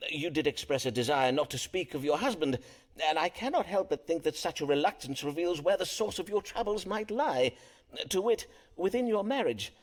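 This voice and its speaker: A smooth-talking Elizabethan physician who reads the stars, forever courteous and tactful. His pitch sits a touch high and swoops lively through each formal, old-fashioned sentence. A game character through and through. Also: normal speed. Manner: archaic formal speech, polite and tactful. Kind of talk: video game voice acting.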